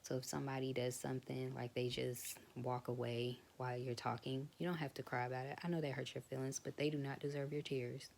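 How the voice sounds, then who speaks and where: Low creaky-voiced woman talking frankly. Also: little pitch movement, a little fast, hardly any pauses, slight background noise. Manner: frank, conversational, drifts into soft whispers. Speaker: vlogger. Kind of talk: casual personal talk to camera.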